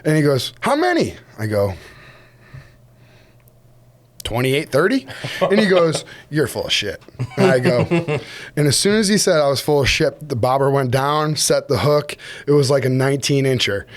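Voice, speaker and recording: A man's voice: medium pitch, expressive, moderate pace. Laughing, storytelling American man. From United States. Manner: storytelling, laughing, acts out other voices. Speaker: podcast guest, fishing guide. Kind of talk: casual chat.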